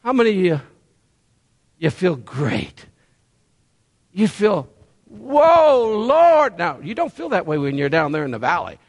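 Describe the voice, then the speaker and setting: A man's voice: a little high, very animated, moderate pace. A man preaching a sermon, folksy and conversational, firing rhetorical questions at the congregation. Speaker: pastor.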